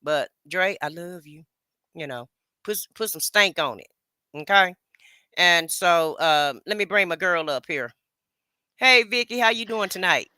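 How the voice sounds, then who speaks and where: A man's voice: high voice, expressive, unhurried, pushed and bright, clean tone, dry recording, studio quality. A man hosting a casual commentary show, mocking and playful as he reacts. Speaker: commentary host.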